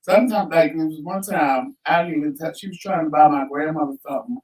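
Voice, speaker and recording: A man co-hosting a casual talk show, telling lively stories in a blunt, profane way. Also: fairly high pitch, quick pace, far from the mic. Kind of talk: casual chat. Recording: echoey room, voice from off mic.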